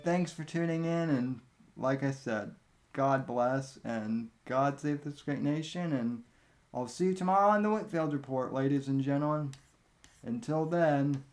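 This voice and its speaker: A man hosting a live online podcast, talking in a slow, hesitant, stumbling way. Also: on the high side, a little mellow. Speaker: podcast host. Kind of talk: casual podcast sign-off.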